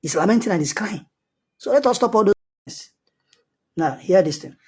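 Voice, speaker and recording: A man's voice: high-pitched, lively intonation, normal speed, breathy edge. A man with a Nigerian accent, a self-styled prophet, giving a heated, insistent commentary monologue that circles back on its points.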